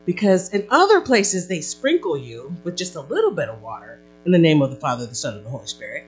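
Woman pastor, sermon, low-pitched and expressive, faint music underneath. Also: brisk, hardly any pauses, low-quality recording. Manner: animated, conversational, rhetorical questions.

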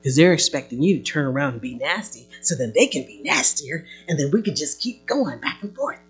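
A pastor preaching a sermon in an animated way, with playful asides and acted-out quotes. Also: medium pitch, a little fast, husky, faint music behind.

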